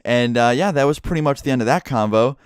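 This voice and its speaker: A young man telling a casual storytime vlog, swearing freely and animated as he acts out quotes. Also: medium pitch, fast, clear, resonant tone, no room sound, clean studio sound. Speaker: YouTuber.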